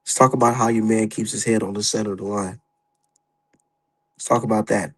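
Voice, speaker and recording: A young adult man giving profane, heated, animated commentary as a boxing streamer. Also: fairly low pitch, fairly quick, husky, rough recording. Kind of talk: casual ranting commentary.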